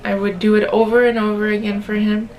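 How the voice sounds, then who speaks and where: A young woman talks straight to her viewers in a casual storytime vlog. She is chatty and earnest, full of "like" and "you guys", with a voice of middling pitch. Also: little pitch movement, brisk, darkish tone, slight background noise. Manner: earnest, emotional retelling. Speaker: vlogger.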